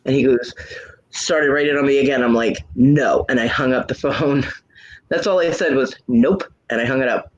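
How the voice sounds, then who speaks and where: A man with a husky, slightly rough voice tells a personal story in relaxed chat. He is blunt and outspoken and slips into the other person's voice for each quoted line. The sound is a bit muffled, like a lo-fi online voice call. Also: medium pitch, moderate pace. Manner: blunt, frank storyteller who acts out both sides of quoted arguments. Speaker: hangout host.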